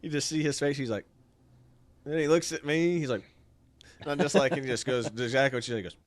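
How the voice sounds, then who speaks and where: A man hosting a casual chat, telling a relaxed story of his own between short agreeing replies. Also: mid-range voice, fast, no echo, clean studio sound.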